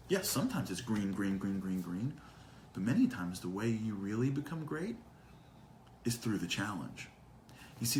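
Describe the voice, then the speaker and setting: A man teaching a live online class, animated and full of rhetorical questions, quoting and translating Hebrew texts. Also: lowish voice, slight background noise, rough recording. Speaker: Torah teacher.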